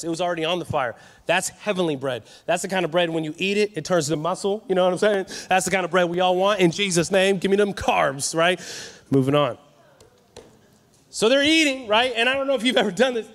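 A man preaching an energetic sermon at a youth conference, animated and joking with the crowd. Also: high-pitched, brisk. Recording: live hall reverb.

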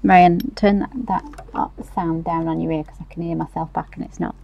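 A woman's voice: deep voice, little pitch movement, a little fast, vocal fry, lo-fi sound, noisy background. A woman, casually explaining nail steps as she works on a livestream. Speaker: nail technician demonstrating a set.

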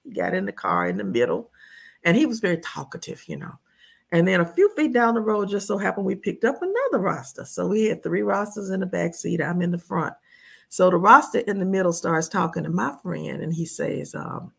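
This is a woman from the United States chatting as a guest. Her voice sits low, with a gravelly, husky texture. She tells stories in a lively way and laughs often. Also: fairly quick. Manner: animated storyteller, laughs often. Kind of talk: casual conversation, storytelling.

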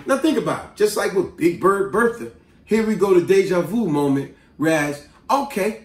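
A man casually telling a story from his school days in a slangy, animated way, with lots of asides. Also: sits high, normal speed. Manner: animated, street-slang storyteller who breaks into asides and acted quotes. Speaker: vlogger. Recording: roomy, distant mic.

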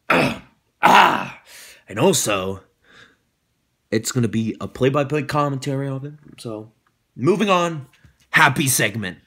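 A young man hosting his own YouTube show, talking casually and breaking into loud, sarcastic rants with swearing. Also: mid-range voice, lively intonation, slow pace, gravelly, long pauses, breathy edge. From United States. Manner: rants loudly, swears, dramatic outbursts. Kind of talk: casual vlog monologue.

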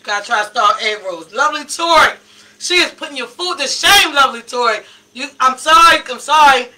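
A woman's voice: sits high, expressive, brisk, bright, forceful tone, far from the mic, low-quality recording. A woman radio host, chatting live and laughing a lot as she tastes food and greets listeners. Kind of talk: casual live tasting chat. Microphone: handheld mic.

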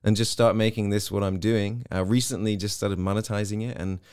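A quick, lively English man with a fairly low voice, sitting in as an interview guest and spinning anecdotes with quoted voices. The sound is close and dry, with no room around it. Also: clean tone, no echo. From Hong Kong. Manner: animated storyteller, slips into quoted voices. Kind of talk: casual interview chat.

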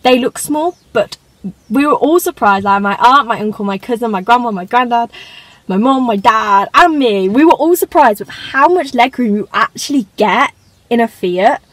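A teenage woman talks casually from the seat of her parked car. Her voice sits a little high, and she drifts off on tangents, adding self-conscious little asides as she goes. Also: normal speed, a bit bright, no room sound, low-quality recording. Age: teens. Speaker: vlogger. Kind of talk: casual car tour vlog.

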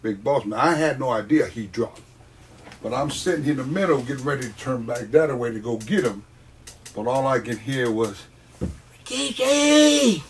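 A man telling stories from his wrestling career in a casual interview, animated and often laughing. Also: mid-range voice, recorded from a distance, slight background noise. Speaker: guest, wrestler.

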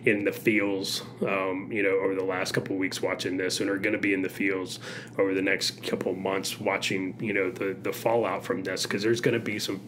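A man, a podcast co-host, speaking earnestly and haltingly, with many fillers and restarts. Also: sits low, little pitch movement, background noise.

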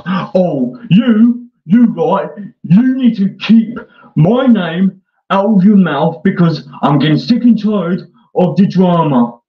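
A man delivering a mocking parody rant in a sarcastic, taunting way, swinging between whiny and gruff. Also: high-pitched, lively intonation, takes it slowly. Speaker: online troll. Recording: echoey dull lo-fi room.

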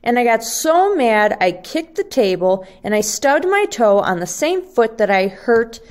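A woman voicing an upset little boy who rattles off his complaints in rushed run-on sentences, reading a children's book aloud. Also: on the high side, sing-song.

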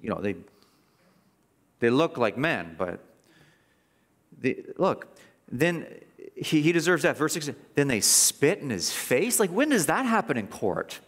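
A man's voice: fairly high pitch, big pitch swings, unhurried, long pauses, a bit bright, in a large hall. A man preaching a sermon as pastor, impassioned, with mocking asides and repeated words. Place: church sanctuary.

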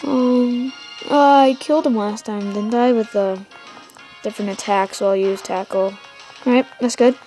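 Teen girl, let's-play host, a bit high-pitched, chatty and excitable, faint game music behind. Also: unhurried. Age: teenager. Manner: excitable, rambling, trash-talks the game. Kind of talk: gameplay commentary. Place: home.

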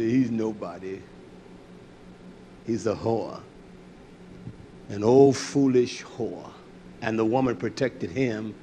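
Animated older male preacher. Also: a little hiss or hum. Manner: animated, swings between loud bursts and low asides. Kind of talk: animated sermon.

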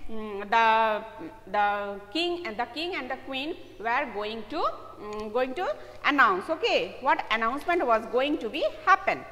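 Woman, teacher, retells a story slowly in simple words, keeps checking "okay?", long hall reverb. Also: on the high side, bright, forceful tone. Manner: reads a line, then restates it slowly in simple words, with many "okay?". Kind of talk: reading and explaining a story to a class.

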